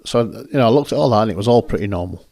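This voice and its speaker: A man's voice: on the low side, animated, rapid-fire, gravelly, a little mellow, no room sound. A man hosting, chatting casually and rambling as he talks through his photos. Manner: rambling, self-correcting, chatty. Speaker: photographer and host. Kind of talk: casual commentary over photos.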